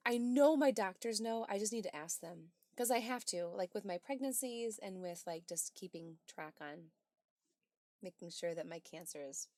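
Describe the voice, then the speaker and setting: A woman hosting a livestream in a casual chat, reading chat messages aloud and replying with bright exclamations and soft asides. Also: medium pitch, dry recording.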